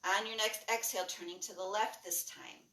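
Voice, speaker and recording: A woman instructor leading a guided breathing and movement class, giving calm, rhythmic cues that are mostly soft with brighter bursts. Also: medium pitch, a little fast, far from the mic. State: lightly breathless while jumping. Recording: echoey room, voice a bit off-mic.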